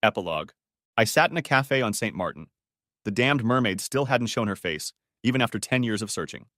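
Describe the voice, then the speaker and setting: Expressive male story narrator. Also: lowish voice, brisk, no room sound, studio quality. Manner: expressive, emotional first-person telling. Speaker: audiobook narrator.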